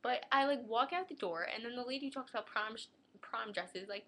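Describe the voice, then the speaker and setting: A teenage girl vlogging a sarcastic rant about a dentist visit, dropping into flat deadpan asides and muttered retorts. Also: fairly high pitch, quick pace. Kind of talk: casual storytelling rant.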